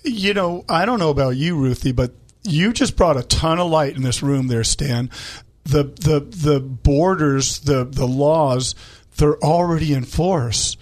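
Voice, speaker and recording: A man's voice: a little high, unhurried. A man hosting a talk interview, rambling and repeating words as he responds to his guest. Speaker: show host.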